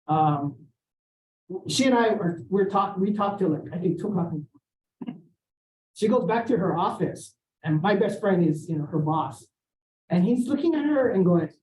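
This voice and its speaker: A middle-aged man from Hawaii giving a seminar talk, telling a personal story, acting out the dialogue, clearing his throat and adding "right?" as he goes. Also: high-pitched. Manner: animated, acts out quoted dialogue, often clears throat and adds "right?". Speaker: seminar speaker. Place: lecture room. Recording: echoey room, voice far from the mic.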